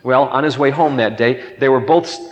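A man's voice: medium pitch, brisk, long reverb tail, rough recording. A man preaching a sermon and telling a children's story, acting out its voices.

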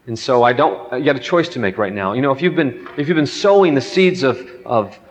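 A man's voice: medium pitch, lively intonation, fairly quick. Folksy preaching man in an echoey hall. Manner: candid, folksy storytelling addressed to a crowd. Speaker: family seminar speaker. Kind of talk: conversational sermon with personal stories. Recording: echoey hall, dull lo-fi sound.

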